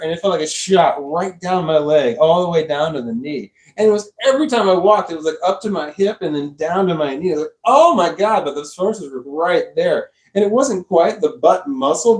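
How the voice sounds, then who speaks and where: A young man rambling slowly on a live stream from his sofa, tired and a little slurred, laughing often. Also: fairly high pitch. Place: dark room on a sofa at home. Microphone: clip-on microphone.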